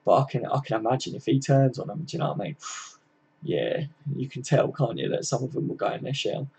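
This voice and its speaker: A man's voice: medium pitch, expressive, quick pace, vocal fry, a little mellow, slight background noise. A man, hosting a casual live-stream chat, chatting loosely and answering viewer comments. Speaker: livestream host. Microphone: computer mic, live stream.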